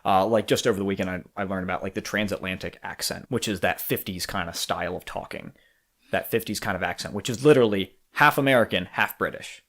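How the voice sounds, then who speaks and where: A man's voice: deep voice, quick pace. A man co-hosting a podcast in casual chat, talking through his opinions with restarts and the odd swear word. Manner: animated, profane, talks through thoughts with restarts. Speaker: podcast co-host.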